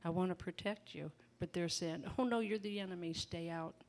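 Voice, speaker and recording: Chatty preaching woman, lowish voice. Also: a little fast. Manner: chatty, laughing, folksy asides. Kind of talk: informal sermon.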